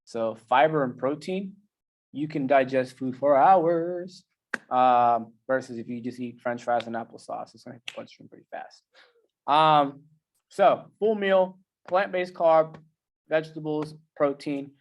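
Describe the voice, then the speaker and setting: A man's voice: mid-range voice, a little slow. A man who is a coach giving a casual, conversational talk in slangy everyday language. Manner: conversational and slangy, with many fillers. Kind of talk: casual presentation.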